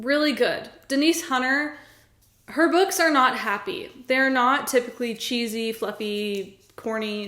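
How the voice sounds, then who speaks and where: A woman's voice: on the high side, fairly bright tone. Chatty young woman in an echoey room. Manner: chatty, earnest, gushing with frequent laughs. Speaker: book vlogger. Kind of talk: casual book review chat.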